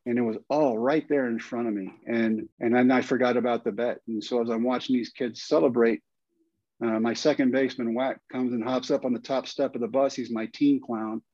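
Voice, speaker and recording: A man's voice: medium pitch, fairly quick, dry recording, highs cut off. A man in his fifties with a Texan accent, a guest telling a long story and acting out the lines people said. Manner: animated storyteller, acts out quoted lines. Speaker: guest, former pitcher and coach. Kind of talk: storytelling in a podcast interview.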